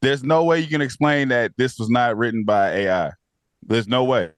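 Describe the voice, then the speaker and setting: A man's voice: mid-range voice, moderate pace, clean tone, dry recording, clean studio sound. A man co-hosting a review podcast, talking in a casual, incredulous way, swearing and laughing often. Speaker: podcast co-host.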